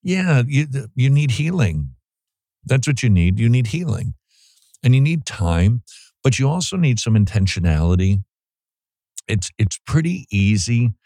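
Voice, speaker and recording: A man's voice: low voice, warm tone, dry recording. A man hosting a Christian radio show, bantering with jokes and then giving earnest pastoral advice to a caller. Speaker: radio host. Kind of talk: casual radio talk and advice.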